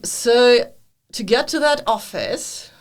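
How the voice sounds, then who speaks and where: A woman in her thirties from Russia, with a Russian accent, speaking as a guest in a podcast interview. She tells lively stories and laughs often. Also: fairly high pitch, slow pace. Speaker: guest, business consultant. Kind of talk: podcast interview, casual chat.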